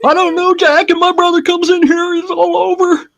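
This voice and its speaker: A man doing an impression of a jittery, fussy older male landlord in a high, stammering falsetto. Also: level tone, normal speed, vocal fry, fairly bright tone, heavily acted. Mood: flustered. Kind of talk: live-stream impression.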